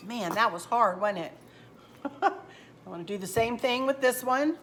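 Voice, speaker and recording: A woman's voice: on the high side, animated, normal speed, fairly bright tone, a little hiss or hum. A middle-aged woman, chatting casually to viewers at home while she shows her fall decorating and crafts. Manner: chatty, homey, addresses viewers as y'all. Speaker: home decor channel host. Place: at home, indoors.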